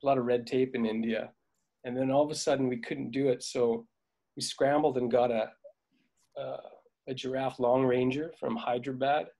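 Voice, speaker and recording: Man, middle-aged, casual interview guest, rambling storyteller, fillers and laughs, mid-pitched voice. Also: fairly even intonation, normal speed, gravelly, mellow. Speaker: veteran dolly grip, guest.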